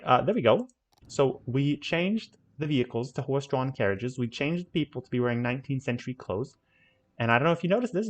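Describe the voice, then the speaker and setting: A man giving casual let's-play commentary on a city-building game, rambling and correcting himself with playful asides. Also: medium pitch. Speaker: gaming channel host.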